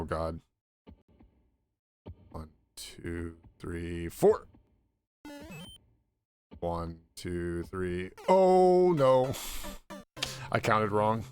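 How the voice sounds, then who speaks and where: A young man streaming a game and chatting casually, rambling through a story full of "like" and swearing freely. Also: lowish voice. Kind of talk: casual chat while gaming.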